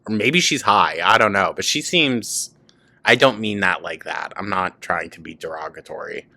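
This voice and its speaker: A man talks over a clip with sharp, sarcastic commentary and teasing asides. His fairly low voice has a bright, forceful edge. The sound is close and dry, with almost no room behind it. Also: gravelly, no echo. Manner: mocking, quick cutting asides. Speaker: commentary host.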